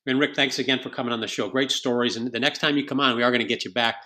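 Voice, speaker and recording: A man's voice: medium pitch, fairly even intonation, rapid-fire, pushed and bright. A man hosting a podcast who wraps up the episode with effusive thanks to the guests and plugs for the show. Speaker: podcast host. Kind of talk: closing thanks and sign-off.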